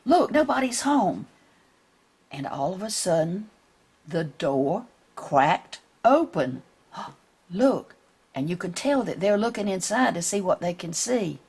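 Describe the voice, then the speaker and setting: A woman reads a picture book aloud to children, slowly and gently. Her pitch rises and falls widely, and her voice has a husky edge. She keeps asking the little ones what they see. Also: lively intonation. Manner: gentle, questioning children along.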